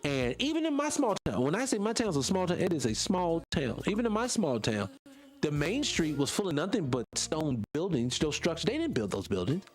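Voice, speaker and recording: A livestream host from North Carolina, USA, answers viewer comments in a rambling, heated, emphatic way, losing his train of thought. His fairly high-pitched voice is very animated and a little fast.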